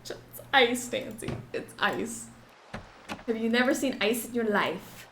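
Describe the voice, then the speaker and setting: A woman's voice: a little high, a little slow, a bit bright, echoey room, slight background noise. A woman streamer chatting with her live chat while playing a game, bubbly, giggly and emotional.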